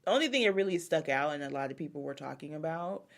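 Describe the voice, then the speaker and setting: A woman's voice: deep voice, expressive, quick pace, creaky. A woman co-hosting a casual gossip chat, retelling stories with lots of fillers and quoted asides. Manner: chatty storyteller, lots of fillers and quoting. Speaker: podcast co-host.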